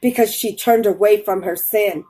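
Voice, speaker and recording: A woman's voice: mid-range voice, moderate pace, dark tone, husky, rough recording. A woman preaching fervently from a Bible reading, urging her listeners with repeated warnings. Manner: fervent, urgent, repetitive warnings.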